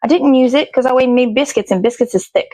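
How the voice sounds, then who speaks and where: A woman's voice: on the high side, fast talker, mellow, dry recording, poor audio. A woman hosting a morning show, chatting casually and rambling to herself as she bakes in her kitchen, swearing freely. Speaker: host. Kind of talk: casual chat while baking. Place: home kitchen.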